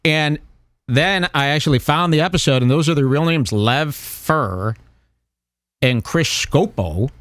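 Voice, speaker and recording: A man's voice: a little high, unhurried, fairly bright tone, dry recording. A man hosting a podcast in casual chat, swearing and acting mock-exasperated while reacting to clips. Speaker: podcast host.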